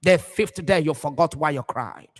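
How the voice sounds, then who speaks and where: At a normal speed and with a long reverb tail, this Nigerian-accented pastor preaches on a live broadcast. His delivery is passionate and repetitive, alternating between loud shouts and low murmurs.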